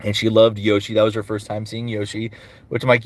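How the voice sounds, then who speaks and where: A male voice actor speaks briskly in a fairly low voice with little pitch movement. Chatting casually with fans on a livestream, he answers their questions and slips into character voices between answers.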